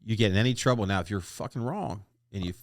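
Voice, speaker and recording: Older man, blunt and profane storyteller, lowish pitch, fast delivery, dry close mic. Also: no echo. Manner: blunt, profane, fast-talking war stories. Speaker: guest, retired Marine master gunnery sergeant. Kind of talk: casual podcast interview storytelling.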